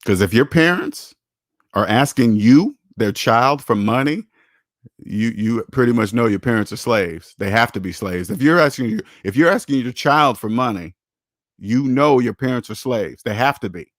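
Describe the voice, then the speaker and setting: A man's voice: medium pitch, expressive, normal speed, no echo. Blunt man hosting a money Q&A stream; preachy and profane, voice jumps up when he mocks, dry close mic. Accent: American English. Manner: blunt, preachy, swears for emphasis; repeats himself, rises sharply when mocking. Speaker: personal finance show host. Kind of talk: live Q&A stream, answering chat.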